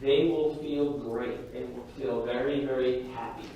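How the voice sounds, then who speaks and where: A male lecturer giving a lively, jokey classroom lecture and talking straight to his students. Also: mid-range voice, measured pace, gravelly, highs cut off, a little hiss or hum. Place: lecture hall. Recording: echoey hall from far off.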